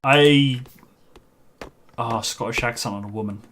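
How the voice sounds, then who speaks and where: A man's voice: medium pitch, a little slow, a bit bright, a little hiss or hum. A man streaming a game, chatting casually in a rambling way and laughing at his own stories. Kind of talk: casual chat while gaming.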